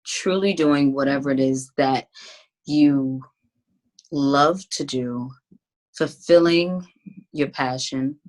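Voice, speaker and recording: Low-voiced woman guest on a video call. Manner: thoughtful, relaxed, many "um"s. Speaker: singer and songwriter guest. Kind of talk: casual interview chat.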